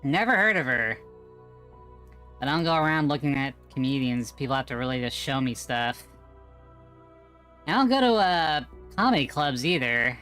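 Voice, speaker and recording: A man's voice: medium pitch, big pitch swings, moderate pace, pauses often, pushed and bright, soft background music. A man streaming live, rambling offhand about his trades.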